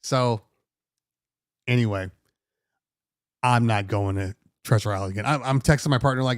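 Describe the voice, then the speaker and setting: A middle-aged man hosting a DJ podcast, telling a story in a casual, animated and exasperated way and swearing freely. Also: medium pitch, moderate pace, long pauses, no room sound, studio quality. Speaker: DJ podcast host.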